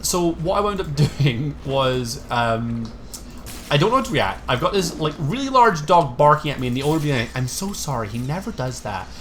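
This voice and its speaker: A man's voice: on the high side, very animated, moderate pace, a bit bright, slight background noise. A man streaming a game, chatting casually and telling a rambling, self-deprecating story. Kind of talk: casual chat while gaming.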